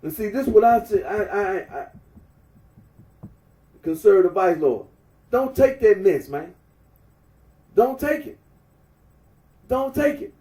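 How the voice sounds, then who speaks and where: A man's voice: high-pitched, animated, takes it slowly, long pauses, warm tone. Male vlogger, emphatic rant with lots of repetition, recorded far off in a roomy, echoing space. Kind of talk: ranting monologue. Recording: echoey room, far from mic.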